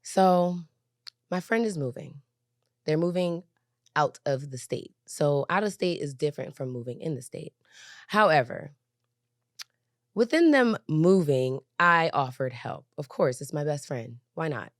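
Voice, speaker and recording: A woman's voice: low voice, lively intonation, unhurried, no room sound, studio quality. Fired-up, swearing woman podcast host. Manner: heated, profane, repeats points with "okay?". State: angry and shaken. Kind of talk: casual venting monologue. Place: recording studio couch.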